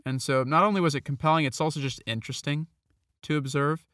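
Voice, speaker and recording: Measured male podcaster, dry sound. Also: fairly high pitch, a bit bright, no room sound. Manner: measured, hesitant with fillers. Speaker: podcast co-host. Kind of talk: casual film review chat.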